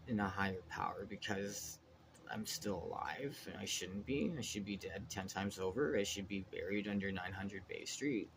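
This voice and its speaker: A man's voice: lowish voice, a little hiss or hum. A man in a rambling, agitated monologue, swearing constantly and trailing off mid-sentence. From Canada. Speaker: vlogger.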